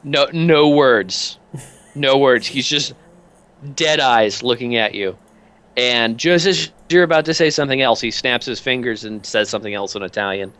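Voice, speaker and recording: A man narrating a tabletop role-playing game as game master, casual and halting with many fillers. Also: mid-range voice, a bit bright, smooth.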